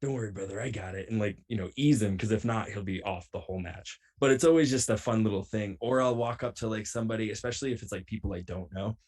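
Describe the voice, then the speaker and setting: A man's voice: fairly low pitch, fast talker, few pauses. A man guesting on a podcast, telling prank stories in a casual, playful way and acting out what people said. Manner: animated, playful, acts out quotes. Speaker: podcast guest, pro wrestler. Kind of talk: casual storytelling.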